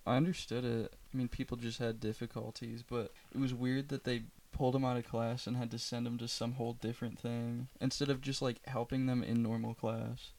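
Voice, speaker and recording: A man's voice: medium pitch, flat delivery, fairly quick, few pauses, a little mellow. A man chatting casually with friends, easygoing and curious, who stutters now and then. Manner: easygoing, asks questions, stutters at times. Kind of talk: casual chat among friends.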